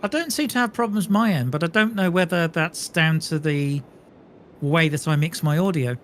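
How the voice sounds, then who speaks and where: Male co-op gamer, talkative, bit higher register. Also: moderate pace, a little hiss or hum. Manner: chatty, explains at length with fillers. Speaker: co-op gamer and streamer. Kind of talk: casual gaming chat.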